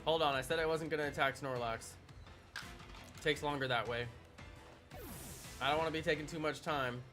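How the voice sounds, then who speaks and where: A man's voice: on the high side, fairly even intonation, moderate pace. A man in his thirties giving chatty, playful live-stream commentary while he plays a game and jokes with his viewers. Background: game music.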